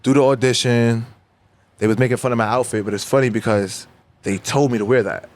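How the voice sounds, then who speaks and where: Animated New man telling stories. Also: medium pitch, brisk. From New York. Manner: animated storyteller who acts out dialogue. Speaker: rapper guest. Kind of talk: casual interview storytelling.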